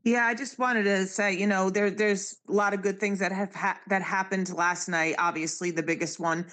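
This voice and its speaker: A panelist on a live stream with a bright, forceful tone. The speech rambles along with lots of "you know" and "um". The pitch sits in the middle range. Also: level tone, normal speed. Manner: rambling, many fillers. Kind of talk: casual political chat.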